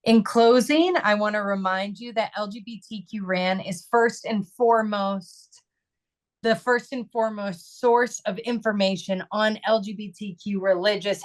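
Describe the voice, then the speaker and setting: A woman hosting an online webinar, giving closing announcements and a donation appeal in an upbeat, conversational way. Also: medium pitch. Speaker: webinar host. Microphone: video call.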